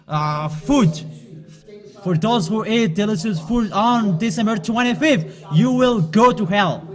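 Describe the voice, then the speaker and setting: A man delivers a sermon in a high voice at an unhurried pace. He speaks haltingly, pausing and restarting often as he admonishes his listeners directly. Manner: halting, with frequent pauses and restarts. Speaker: preacher.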